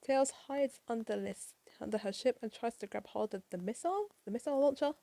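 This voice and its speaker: A tired woman doing a casual late-night comic review, rushed and apologetic and swearing often. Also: on the high side, creaky, mellow, dry recording.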